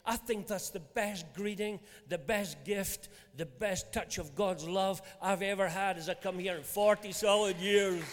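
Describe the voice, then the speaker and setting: An older man delivers a sermon in a high, lively voice, leaning into stories with emphatic energy. His words ring out with the long reverb of a large church hall. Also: unhurried, hardly any pauses. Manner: storytelling, animated and emphatic. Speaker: pastor.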